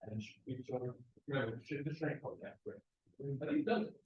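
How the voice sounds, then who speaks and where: A man coaching a martial arts seminar, giving quick praise and short corrections to students. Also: mid-range voice, big pitch swings, a little mellow, muffled recording. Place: martial arts school, indoors. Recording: echoey training hall.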